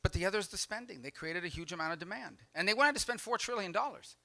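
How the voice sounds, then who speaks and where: A man's voice: high-pitched, animated, fast, vocal fry, pushed and bright, no room sound. A man giving a casual, joking campaign speech at an event, often acting out what other people said. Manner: jokey, conversational, acts out quoted people. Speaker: political speaker. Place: event hall.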